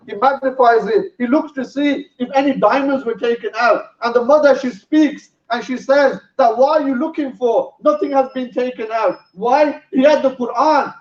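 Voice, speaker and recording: A man giving a sermon, telling a story in an earnest way. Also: extremely high pitch. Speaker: preacher. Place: mosque hall. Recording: roomy, distant, dull sound.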